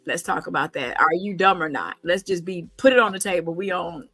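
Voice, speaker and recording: A woman's voice: lowish voice, fairly quick, pushed and bright, slightly rough, no room sound, poor audio. A middle-aged woman hosting a casual conversational show, talking emphatically with rhetorical questions and frequent ums and restarts. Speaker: podcast host.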